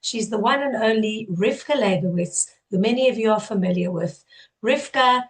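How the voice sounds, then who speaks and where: A woman with a South African accent hosting an interview podcast, a little hoarse, upbeat and effusive as she introduces her guest. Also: medium pitch, moderate pace. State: partly lost voice, hoarse. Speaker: podcast host.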